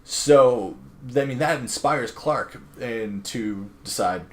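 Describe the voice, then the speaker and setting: A man's voice: medium pitch, takes it slowly, slight background noise. A young man casually recapping a comic book with lots of fillers, acting out the characters' lines as he goes. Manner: rambling, filler-heavy, acts out characters' lines. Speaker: comic book podcast host.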